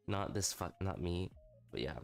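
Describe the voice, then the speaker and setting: A man's voice: low-pitched, creaky. A young man livestreaming, telling a candid night-out story with lots of swearing and self-mocking. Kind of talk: casual storytelling stream.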